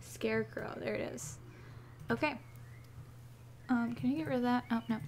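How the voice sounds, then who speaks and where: Une jeune femme qui commente sa partie de jeu vidéo avec enthousiasme et s'extasie devant des animaux mignons. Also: female voice, fairly high pitch, moderate pace, darkish tone, a little hiss or hum. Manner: gushing, squealing over cute animals. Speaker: gaming YouTuber. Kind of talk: excited gameplay commentary.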